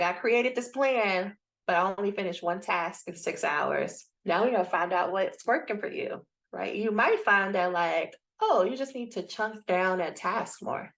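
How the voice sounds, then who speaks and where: A woman leading a live coaching session for doctoral students. She speaks bluntly and with energy, addressing the group directly over a video call. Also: medium pitch. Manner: lively, blunt, talks straight to the group. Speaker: dissertation coach.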